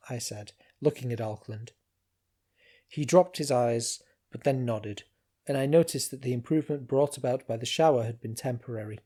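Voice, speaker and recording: A man reading a novel aloud in first person, calm and dry. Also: mid-range voice, moderate pace. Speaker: amateur audiobook narrator.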